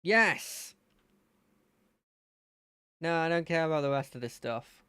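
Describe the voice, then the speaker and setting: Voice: medium pitch, fast talker, clean tone, dry recording, studio quality. A game streamer chatting casually and playfully while playing a fangame, thinking aloud. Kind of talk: casual gameplay commentary.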